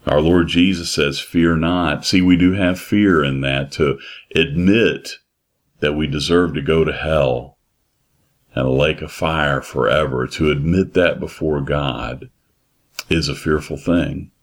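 A man preaching a sermon in a slow, emphatic way, repeating his phrases. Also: a bass voice, fairly even intonation.

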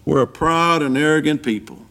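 At a normal speed and with a slightly bright voice, this man preaches in church. He retells the scripture, swinging his pitch up and down dramatically for effect.

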